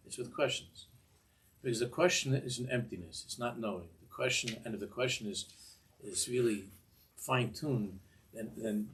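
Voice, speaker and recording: A man's voice: on the low side, moderate pace, slight background noise. An older man teaching a Torah class in a discursive way, often repeating words and mixing in Hebrew phrases.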